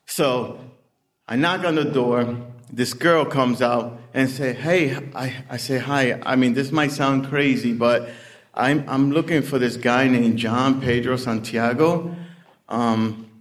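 A man slowly recounting a personal story in a casual, conversational way, with many "you know" asides. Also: medium pitch. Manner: slow, conversational, full of "you know" fillers. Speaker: storyteller in recovery.

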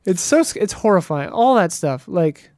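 A woman's voice: lowish voice, big pitch swings, normal speed, darkish tone, no echo, studio quality. A woman from the Midwest in casual podcast chat, chatty and full of "like", swearing casually. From American Midwest.

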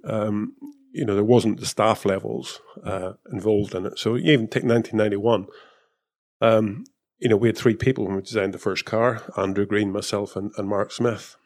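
A man with a fairly low voice talks through his years in motor racing in a loose, conversational way. He restarts sentences often and leans on fillers as he thinks aloud. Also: steady tone, normal speed, darkish tone. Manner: rambling, with many fillers and restarts. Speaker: former F1 technical director and race engineer. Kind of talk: casual interview chat.

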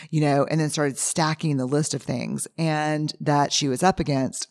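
A woman's voice: low-pitched, fairly even intonation, normal speed, hardly any pauses, a little mellow, no room sound, studio quality. A woman hosting a podcast, earnestly recounting a story in a casual, candid way. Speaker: podcast host.

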